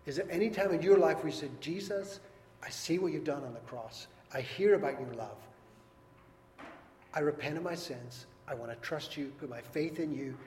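Man preaching in a reverberant hall. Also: a little high. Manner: earnest, emphatic preaching that swings between loud and soft. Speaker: pastor. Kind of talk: sermon. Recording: long reverb, faint background noise.

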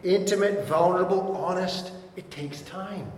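A middle-aged man preaching a sermon as pastor, earnestly teaching and reading verses aloud slowly. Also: high-pitched, a little hiss or hum. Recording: echoey hall with long reverb.

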